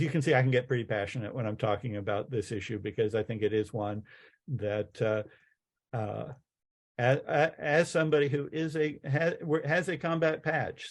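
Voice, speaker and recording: A middle-aged man, a chaplain and teacher, giving a passionate lecture in a halting way, with many fillers and restarts. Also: mid-range voice.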